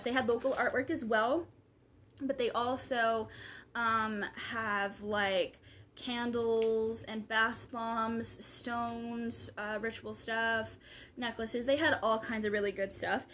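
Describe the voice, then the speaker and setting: A chatty young woman talks straight into her camera mic, rambling along with plenty of ums and likes. Her voice sits a little high for a woman, with a faint hiss of background noise behind it. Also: a bit bright. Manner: rambling, chatty, lots of fillers. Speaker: vlogger. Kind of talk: casual vlog chat.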